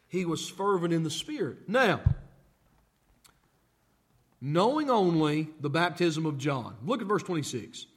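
Emphatic high-voiced preacher man. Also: expressive, measured pace, slightly rough. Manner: emphatic, repeats phrases, asks the congregation questions. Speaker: pastor. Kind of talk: sermon.

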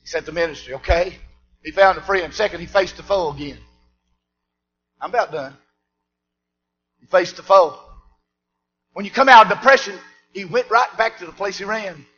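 A man preaching a sermon, swinging between shouted preaching and low asides. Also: moderate pace, long pauses, highs cut off, slight background noise.

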